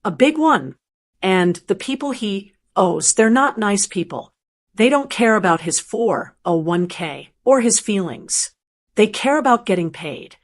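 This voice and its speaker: A woman's voice: medium pitch, lively intonation, unhurried. A woman voicing a scheming middle-aged man who bullies his sister, mocking and pushy. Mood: menacing.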